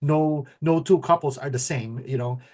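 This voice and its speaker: Excited, stammering middle-aged man. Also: fairly high pitch, moderate pace. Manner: excited, stammering with many restarts. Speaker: co-host. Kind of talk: casual conversational talk.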